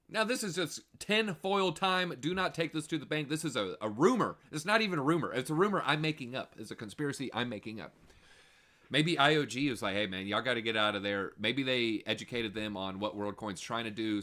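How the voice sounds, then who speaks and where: A male livestream host with a bright, forward tone. He talks to his viewers in a casual, animated and jokey way, recorded on a desk mic at home. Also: medium pitch.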